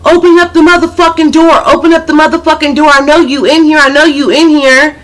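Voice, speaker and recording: A woman's voice: high voice, little pitch movement, a little fast, voice pushed up, close to an everyday voice. A woman doing a furious, cursing young woman. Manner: yelling, cursing, demanding. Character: furious young woman confronting cheating man.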